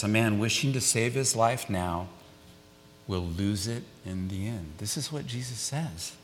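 An older man preaching a sermon, emphatic, repeating key phrases and dropping to a hushed tone for weight. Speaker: pastor. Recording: echoey hall with faint rumble.

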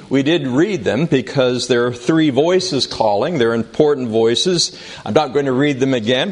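A man leads a Bible study in a classroom, talking at an unhurried, measured pace. His voice sits in an ordinary middle register. He reads the scripture passages aloud with deliberate emphasis. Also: medium pitch. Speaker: Bible teacher. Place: classroom with a board.

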